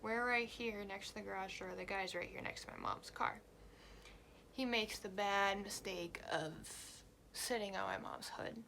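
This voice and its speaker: A young woman vlogger tells a story in a blunt, animated way and swears freely. Her voice has a gravelly, fry-heavy texture. There is a faint hiss in the background. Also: medium pitch, unhurried. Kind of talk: storytime vlog.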